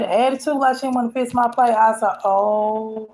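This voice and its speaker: A woman's voice: a little high, fairly even intonation, moderate pace, a little mellow. A woman telling a painful personal story to her vlog audience in a rambling, emotional, colloquial way. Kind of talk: casual storytelling.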